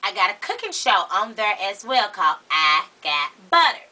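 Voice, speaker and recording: A man plays a gossipy middle-aged Baptist woman with a raised, bright voice. She rambles and carries on with big dramatic outrage. The voice sits a little distant from the microphone. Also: big pitch swings, moderate pace, full character voice. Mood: chatty. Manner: chatty, dramatic, rising to shrill outbursts. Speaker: comedy character show host. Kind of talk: character comedy monologue to camera.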